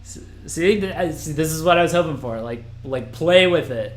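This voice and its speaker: A man's voice: a little high, animated, moderate pace, echoey room. A man hosting a live stream, reacting to an album as it plays, rambling and restarting his sentences. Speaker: podcast host.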